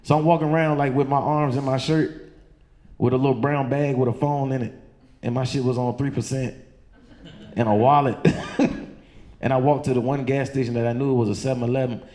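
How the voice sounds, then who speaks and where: A man from doing loose, profane stand-up storytelling on a comedy club stage, jumping into high squeaky voices for the people in his story. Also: steady tone, a little fast, darkish tone. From Chesterfield County, Virginia.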